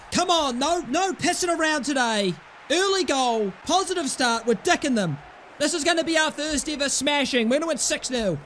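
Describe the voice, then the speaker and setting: A young man commentating his own football video game, excitable, shouting at players and swearing. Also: extremely high pitch, moderate pace. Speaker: gaming YouTuber. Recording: faint background noise.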